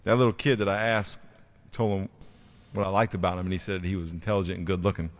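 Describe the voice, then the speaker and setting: A man preaching with a somewhat low voice, telling stories with lots of energy. He drops to a hush for serious points, then gets loud and excited. It sounds like a spoken sermon from the pulpit. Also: fast talker. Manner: animated storyteller, acts out kids' voices, swings from quiet to loud. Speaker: pastor and youth football coach. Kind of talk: sermon with storytelling.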